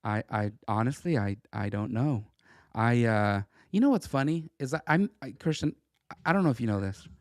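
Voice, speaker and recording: A middle-aged man co-hosting a casual political podcast, talking in an animated, stammering, jokey way. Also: medium pitch, moderate pace, dry recording, clean studio sound. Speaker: podcast co-host.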